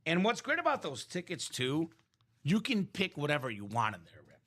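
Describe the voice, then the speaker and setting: A man's voice: on the high side, huge pitch swings, normal speed, fairly bright tone. A man hosting a live sports memorabilia break, chatting energetically and rambling through values and asides. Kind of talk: live-stream sales chat.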